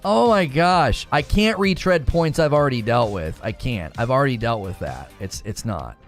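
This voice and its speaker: A man hosting a live gaming talk stream, arguing with his chat and answering it directly in an animated way. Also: medium pitch, moderate pace, faint music behind.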